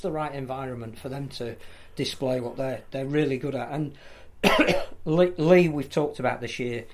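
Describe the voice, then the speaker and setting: A man, talking through rugby league as a pundit in a casual podcast chat, measured and full of restarts. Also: medium pitch. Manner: thoughtful, measured analysis with frequent restarts.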